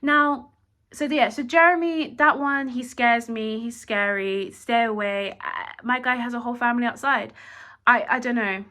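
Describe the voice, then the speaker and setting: Bright-voiced woman ranting about a show. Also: on the high side, normal speed. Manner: animated, acts out quotes, frequent "like". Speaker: reality show reviewer. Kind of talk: casual opinion vlog.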